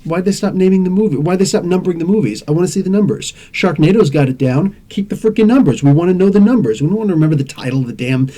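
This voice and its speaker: A man in his forties hosts a podcast in a loose, rambling rant, laughing and swearing as he goes. His voice sits a bit high for a man but is mellow and soft-edged in tone. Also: rapid-fire, hardly any pauses. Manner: rambling and animated, with frequent laughs and mild swearing. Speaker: podcast host. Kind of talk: casual rant.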